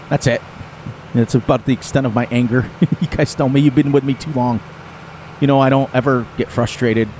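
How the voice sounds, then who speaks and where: A man's voice: medium pitch, a little mellow, a little hiss or hum. A middle-aged man chatting to his viewers during a live game stream. He rambles in a folksy way and laughs often. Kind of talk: casual rambling chat to viewers.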